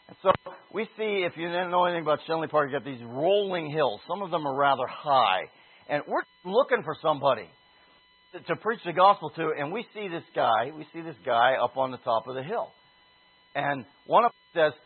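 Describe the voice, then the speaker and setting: A man preaching a sermon, telling a personal story with animated, shouted bursts. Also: on the high side, normal speed, slight background noise. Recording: husky voice over a tinny phone-like line.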